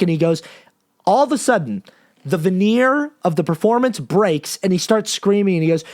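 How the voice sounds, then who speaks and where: A man's voice: high-pitched, animated, normal speed. A man hosting a podcast, delivering an impassioned, profane monologue with frequent restarts. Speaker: podcast host.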